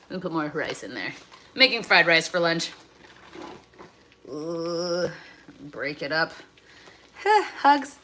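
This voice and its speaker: A woman's voice: lowish voice, pushed and bright. A woman hosting a casual livestream as she cooks fried rice at home, chatting with viewers and reading out their comments, moving between cheerful and indignant. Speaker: livestream host. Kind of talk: casual livestream chat while cooking. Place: home kitchen. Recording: faint background noise from frying food. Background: food sizzling in a pan.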